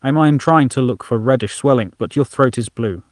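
An earnest, careful human cook, easily flustered, played by a male narrator. A plain mid-pitched man's voice, heard dry and close. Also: normal speed, dry recording, lightly acted. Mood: anxious.

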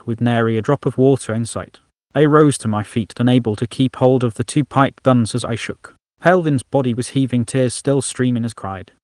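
A man reading a first-person science fiction story in a steady, even way. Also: medium pitch, no room sound, studio quality. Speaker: narrator.

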